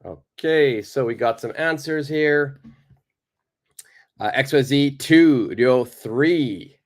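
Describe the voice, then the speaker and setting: A man teaching English in an unhurried, patient way, speaking slowly and repeating each question for his viewers. His voice sits at an ordinary middle pitch, and his explanations stay simple and steady. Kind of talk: live online English lesson.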